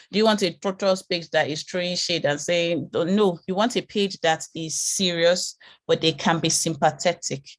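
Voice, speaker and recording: A woman with a lowish voice teaches a branding lesson in a calm, reassuring manner. She often repeats words while she gathers her thoughts. The sound is dry and close. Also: no room sound. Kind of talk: online class lecture.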